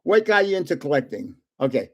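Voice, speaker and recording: An older man hosts a relaxed live stream. His voice sits a little higher than most men's. He rambles through stories and chuckles often as he talks. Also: fairly quick. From North Jersey, United States. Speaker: livestream host. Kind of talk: casual live-stream chat and storytelling.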